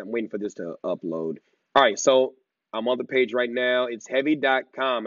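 Captured through a laptop microphone, the audio is dull, lo-fi and dry, without echo. The speaker, a man in his thirties with a medium-pitched, slightly bright voice, delivers a live-streamed commentary lecture in an emphatic, drawn-out way, padded with fillers and frequent "okay?" checks.

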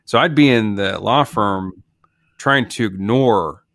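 Speaking slowly in a fairly low voice with a fairly bright tone, a male podcast co-host riffs casually and comically on a movie. His talk rambles with many restarts, and the studio recording is clean, with no echo.

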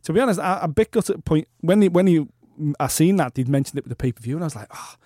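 An eager man chats about fights on a podcast, leaning hard on his key words. His voice is mellow and dark. The sound is dry and close to the mic. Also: on the high side, expressive, fast, no room sound. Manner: enthusiastic, emphatic. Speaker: podcast co-host. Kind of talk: casual MMA podcast chat.

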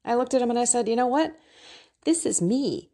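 A woman's voice: fairly high pitch, lively intonation, a little fast, mellow. A middle-aged woman hosting a faith podcast, teaching her listeners in a candid, emotional way and laughing often.

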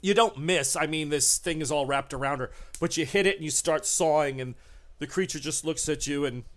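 A man running a tabletop horror game as game master, narrating lively and shouting out characters' lines now and then. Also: fairly high pitch, a little fast.

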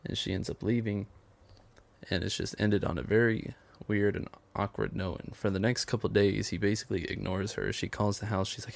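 A man's voice: fairly low pitch, fairly even intonation, normal speed, gravelly. A man casually retelling a film's plot in a rambling way, quoting the characters as he goes. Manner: rambling storytelling, quotes characters with "he's like". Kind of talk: casual film plot recap.

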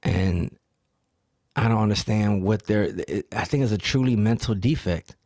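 Profane, animated man on a podcast. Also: fairly low pitch, normal speed, dry recording, clean studio sound. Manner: profane, animated storyteller acting out quotes; emphatic, rhetorical questions. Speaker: podcast host. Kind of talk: solo podcast storytelling.

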